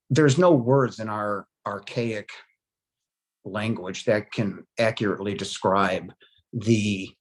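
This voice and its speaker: Man, forties, lowish voice, earnest personal testimony, halting speech, hushed emotional stretches. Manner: earnest, halting, frequent "you know" and "um". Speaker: near-death experience survivor.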